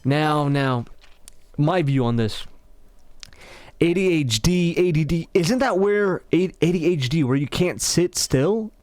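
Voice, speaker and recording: A man's voice: fairly high pitch, lively intonation, slow, a little mellow, no echo. A man commentating over gameplay, telling a rambling, mocking story with stumbling restarts into a close mic. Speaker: game commentator.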